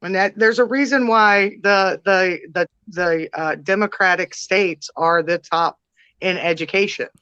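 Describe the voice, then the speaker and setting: A woman's voice: lowish voice, measured pace, bright, forceful tone, clean tone, dry recording, muffled recording. A woman co-hosting a casual political chat, mostly agreeing in short interjections. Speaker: co-host.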